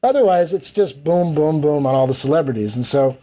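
A man with a mellow, slightly raised voice recounts a backstage memory as an interview guest. He talks animatedly, slipping into quoted voices of other people and of himself as the story unfolds. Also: on the high side, animated, brisk. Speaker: interview guest, event producer.

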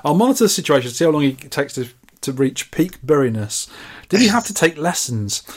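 A man's voice: on the high side, fairly quick. A man co-hosting a retro gaming podcast, reading out listener messages and trading dry, teasing remarks. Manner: dry, teasing, deadpan asides. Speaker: podcast co-host. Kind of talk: casual chat, reading listener mail.

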